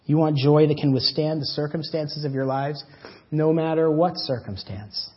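A man preaching a sermon as pastor, swinging between loud emphatic lines and soft drawn-out words. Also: a little high, steady tone, slightly rough. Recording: dull lo-fi church audio.

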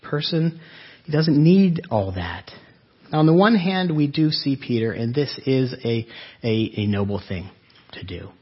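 A man's voice: mid-range voice, lively intonation, a little slow, slightly rough. A man preaching a sermon in a conversational way, often asking his listeners rhetorical questions. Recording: dull lo-fi recording.

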